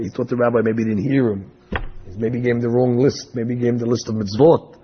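A man preaching through an animated, dramatic parable in a raspy voice. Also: mid-range voice, moderate pace, lo-fi sound, a little hiss or hum. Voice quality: raspy, gravelly. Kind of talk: storytelling sermon.

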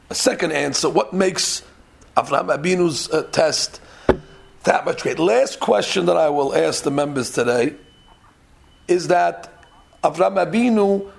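A man teaches a Torah class in a lively, talky way, acting out the people he quotes. His voice sits high and has a gravelly edge, and it shifts between brisk asides and drawn-out points. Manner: animated, conversational, acts out quotes, mixes in Hebrew. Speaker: rabbi giving a Torah class. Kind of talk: Torah lecture.

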